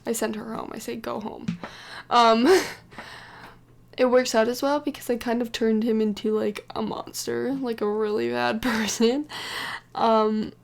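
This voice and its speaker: Gravelly young woman rambling over gameplay. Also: on the high side, steady tone, unhurried. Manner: chatty and rambling, full of "like" and "um". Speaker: let's play narrator. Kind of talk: casual gameplay commentary.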